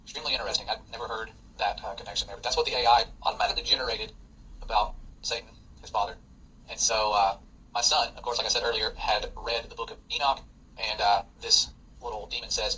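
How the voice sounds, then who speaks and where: A man's voice: fairly low pitch, fairly even intonation, fast, bright, forceful tone, slightly rough, poor audio. A man, a father, reading passages aloud and commenting in an earnest, warning tone. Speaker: host and father.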